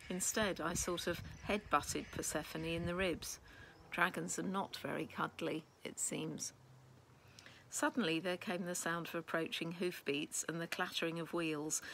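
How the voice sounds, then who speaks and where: Woman, storybook reader, expressive, gravelly, low-pitched, faint hiss. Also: rough recording. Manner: expressive first-person storytelling. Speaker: children's book reader. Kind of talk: reading a storybook aloud.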